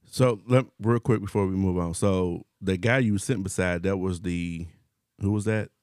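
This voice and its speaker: A man's voice: low voice, moderate pace, a little mellow, no room sound, studio quality. A man co-hosting a podcast in casual chat, speaking bluntly and outspokenly. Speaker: podcast co-host.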